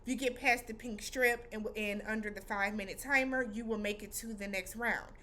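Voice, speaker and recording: Animated, slangy woman recapping a show. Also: mid-range voice, fairly quick, slight background noise. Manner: animated and slangy, acts out reactions. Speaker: vlog host reviewing a TV episode. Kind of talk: casual recap vlog.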